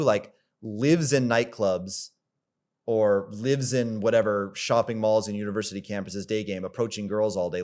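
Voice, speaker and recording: A man's voice: on the low side, a little mellow. A man giving a coaching monologue, rambling with lots of filler words, repeating himself for emphasis and swearing casually. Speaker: dating coach.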